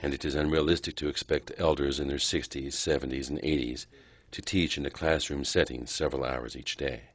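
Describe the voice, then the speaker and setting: A man narrating a documentary in a solemn, steady scripted style. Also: extremely low pitch, a little fast.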